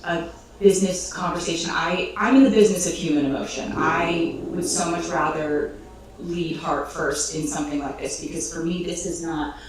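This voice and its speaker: A woman's voice: on the low side, fairly even intonation, moderate pace. A woman telling an emotional story in an interview, rambling with fillers and restarts and laughing through tears. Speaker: interview guest. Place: clip replayed in a room during a livestream. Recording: echoey, distant playback with faint noise.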